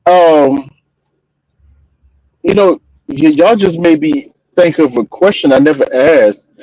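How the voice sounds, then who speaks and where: A man's voice: fairly high pitch, takes it slowly, mellow, no room sound, rough recording. A man co-hosting a casual live chat, hesitant and curious, often restarting his sentences.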